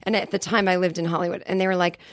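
A woman's voice: lowish voice, flat delivery, no echo, clean studio sound. A woman comedian telling comic stories in a casual podcast chat. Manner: rapid comic storytelling. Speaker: comedian guest.

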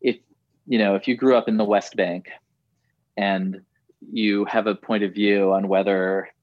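Guest, male, low-pitched, thoughtful and hedging, dull dry remote audio. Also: flat delivery, unhurried, dry recording. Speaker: journalist guest. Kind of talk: casual interview chat.

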